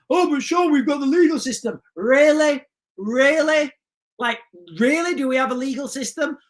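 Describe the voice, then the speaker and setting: A British man hosting a livestream, ranting emphatically and repeatedly addressing his viewers as ladies and gentlemen. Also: extremely high pitch. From United Kingdom. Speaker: livestream host.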